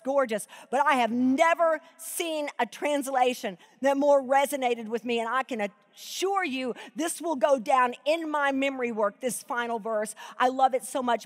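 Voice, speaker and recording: A middle-aged woman preaching a sermon at a live event, emotional and choked up, swinging between soaring emphasis and hushed reading. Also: sits high. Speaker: Bible teacher.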